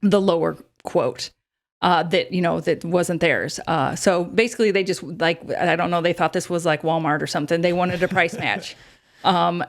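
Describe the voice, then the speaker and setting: A woman in her thirties talks through advice on a casual podcast. Her voice sits a little low, and she fills her speech with ums and easy laughs. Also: steady tone, normal speed. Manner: chatty, laughs often, many fillers. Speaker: podcast host.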